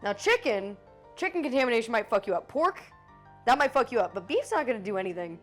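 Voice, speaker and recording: A woman's voice: on the high side, very animated, fast, faint music behind. A woman streamer in casual live chat with her viewers, swearing freely and swinging between joking and apologizing.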